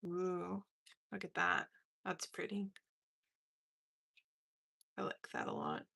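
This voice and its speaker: A woman hosting a casual craft livestream, talking through her printing as she works, relaxed and thinking aloud. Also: lowish voice, slow, gravelly, slightly rough. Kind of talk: casual craft demo chat.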